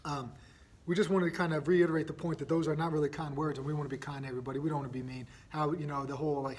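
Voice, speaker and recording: A man in his thirties hosting a solo parenting podcast, telling stories in a casual, energetic way and often checking in with "right?". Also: a little high, racing, slight background noise. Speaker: podcast host.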